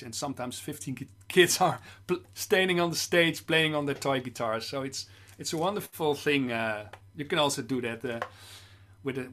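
A middle-aged Dutch man, a children's musician, chatting casually in halting English with many fillers and restarts. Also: medium pitch, pushed and bright. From Netherlands. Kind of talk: casual chat with sung children's songs.

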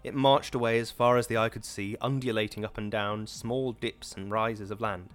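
A man narrating an audiobook in a measured, dramatic reading. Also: lowish voice, fairly even intonation, soft background music. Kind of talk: scripted narration.

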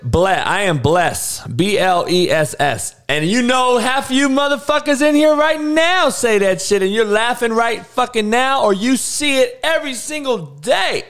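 Animated, foul-mouthed man ranting on a podcast. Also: high voice. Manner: loud, animated, mocking pronunciations, swears constantly. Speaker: podcast host. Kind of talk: profane comedic podcast rant.

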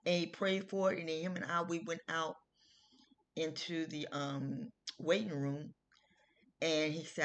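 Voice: medium pitch, flat delivery, unhurried. A middle-aged health video host who tells a personal story in a casual, earnest way, with informal grammar and frequent restarts.

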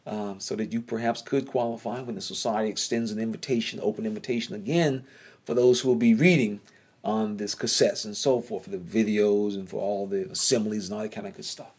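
A man with a Southern accent quoting a calm older male mentor in a quiet, measured, instructive way. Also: on the low side, slightly rough, voice pushed down.

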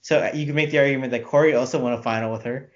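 A man's voice: medium pitch, fairly even intonation, rapid-fire. A man co-hosting a casual recap chat, talkative and laughing often. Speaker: podcast co-host. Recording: dull lo-fi sound.

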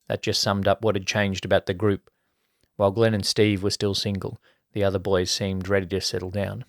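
A man reading an erotic story aloud as a podcast narrator, in an even storytelling manner. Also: low voice, normal speed, vocal fry, dry recording, clean studio sound. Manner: even storytelling, colloquial mates' banter.

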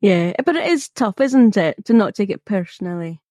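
A woman's voice: mid-range voice, animated, normal speed, dark tone, no echo, clean studio sound. A woman, moderating a roundtable and asking the other podcasters questions. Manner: prompting and encouraging, asking guests questions. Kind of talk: roundtable discussion.

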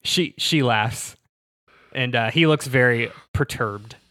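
A man with a bright, forward voice narrates a tabletop game as game master. He talks in a chatty, self-deprecating way, often with filler words. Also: medium pitch, slow pace.

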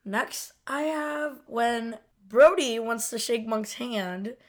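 A woman's voice: a little high, slow pace. Giggly woman podcast co-host. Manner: giggly, agreeable. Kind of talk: casual chat.

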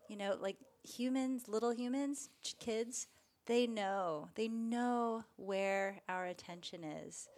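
A woman meditation teacher, a guest in a conversational interview, speaks calmly and reflectively at a medium pitch and a slightly slow pace. She grows gently animated when acting out examples.

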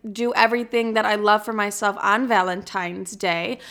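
A woman's voice: mid-range voice, fairly even intonation, normal speed, creaky, a bit bright, clean tone. A young woman hosting her own podcast, talking alone in a brash, profane, self-mocking way. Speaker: podcast host. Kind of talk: casual solo podcast monologue.

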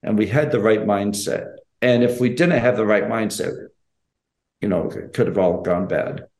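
An older man, a former special forces operator, telling a story in an interview in a measured, earnest, plainspoken way. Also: fairly low pitch, a little mellow. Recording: roomy echo.

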